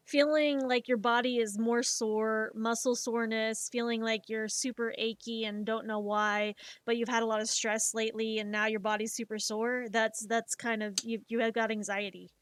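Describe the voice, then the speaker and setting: A woman streamer chats casually while she works on her art, swearing freely and throwing herself into her stories. Her voice sits a little higher than most, and the close, dry mic leaves no room sound at all. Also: clear, resonant tone, no echo. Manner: swears freely, animated retelling with emotional outbursts. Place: home streaming setup.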